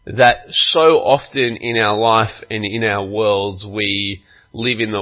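A man preaching a sermon as pastor, telling a story slowly and earnestly and acting out its quotes. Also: fairly low pitch, steady tone, highs cut off.

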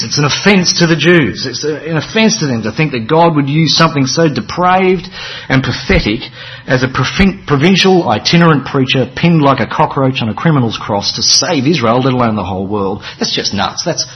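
A man's voice: mid-range voice, highs cut off. A man preaching a sermon in a conversational, wry way, with dramatic emphasis and offhand asides.

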